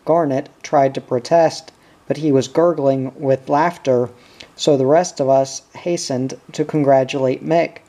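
A man reads a novel aloud at an unhurried pace, keeping his narration measured and even. His voice is mellow and dark. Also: medium pitch. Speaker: audiobook reader.

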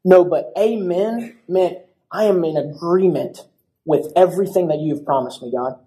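Animated young pastor preaching a sermon. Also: male voice, a little high, moderate pace. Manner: animated storytelling with acted-out voices.

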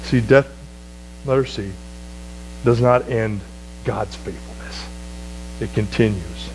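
A man preaching a sermon as pastor, swinging from loud, high exclamations to low, quiet phrases. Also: slow, a little hiss or hum, poor audio.

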